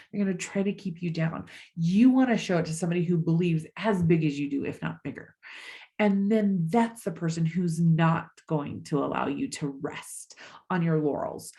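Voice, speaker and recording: A middle-aged woman coaching her audience in a motivational master class. Her voice sits a little low, and she talks in an emphatic, encouraging way with a casual swear here and there. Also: darkish tone. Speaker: life coach.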